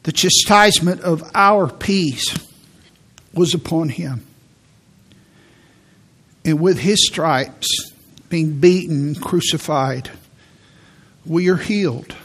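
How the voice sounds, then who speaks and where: A man giving a sermon as a pastor, preaching in a church with slow, emphatic delivery and repeated key words. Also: on the high side, a bit bright. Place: church sanctuary.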